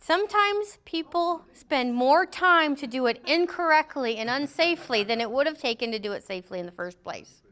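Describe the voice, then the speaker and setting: A middle-aged safety trainer with a high, fairly bright voice and lively intonation teaches a workplace safety class at a moderate pace. She jokes throughout the classroom talk and acts out what people say in funny voices.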